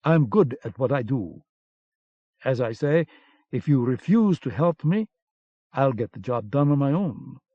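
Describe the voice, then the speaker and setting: A man reading an audiobook, voicing a calm, determined male agent in a firm, steady manner, on a dull lo-fi cassette recording. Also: mid-range voice, a little slow, long pauses, no echo.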